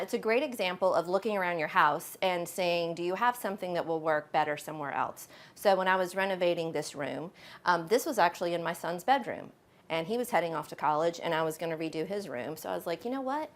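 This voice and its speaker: A middle-aged woman, chatting casually while she shows guests around her home, with lots of fillers. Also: lowish voice. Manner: chatty and friendly, with frequent fillers. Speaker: homeowner giving a home tour. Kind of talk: casual home tour chat.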